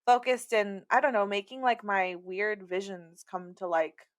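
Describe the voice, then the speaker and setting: A woman's voice: mid-range voice, unhurried. A young woman, co-hosting a casual podcast chat, emphatic and sassy, with lots of "like" fillers. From Rio Grande Valley, South Texas. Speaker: podcast co-host, painter.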